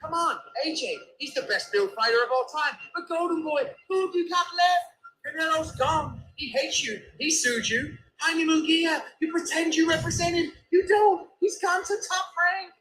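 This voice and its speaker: A man doing a comic impression of a falsely cheerful man who is seething underneath and shouts taunts. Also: normal speed, reverberant, rough recording. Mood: mocking. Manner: high shrill taunting, rising to shouts.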